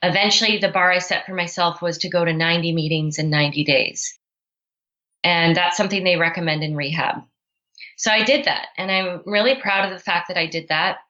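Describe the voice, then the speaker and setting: Woman, podcast guest, bright lower voice, candid storytelling, dull lo-fi audio. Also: brisk. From Canada. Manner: earnest, many "you know" and "right?" asides.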